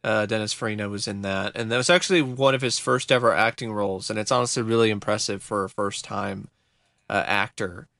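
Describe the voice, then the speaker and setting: A man co-hosting a podcast, chatting casually in a measured, hesitant way. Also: lowish voice, bright, forceful tone, no room sound, studio quality. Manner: hesitant, lots of uh fillers, measured. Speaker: podcast co-host. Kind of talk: casual chat.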